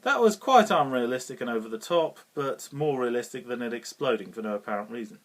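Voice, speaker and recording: Chuckling British man, lively pitch. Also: a little fast. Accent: British English. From Britain. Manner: rambling, chuckling often, with many fillers and restarts. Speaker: film reviewer. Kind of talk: casual unscripted film review.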